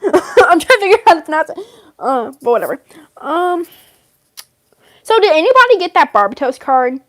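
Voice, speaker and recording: A woman's voice: very high-pitched, very animated, moderate pace. A young woman rambling casually in character, giggling often and filling gaps with ums and you-knows. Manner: giggly, rambling, lots of fillers and laughs. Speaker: vlogger role-playing a game character.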